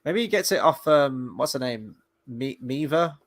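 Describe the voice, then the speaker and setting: A man's voice: mid-range voice, lively intonation, measured pace. Guy rambling thru a show review, lots of ums and likes, swears casually. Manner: rambling, swears, many fillers. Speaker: podcast host.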